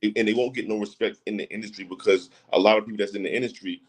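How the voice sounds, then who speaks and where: On a rough recording, a man with a lowish voice talks rapid-fire and with fairly even intonation. He's a podcast guest in a casual chat, emphatic and repetitive, often asking "you know what I'm saying."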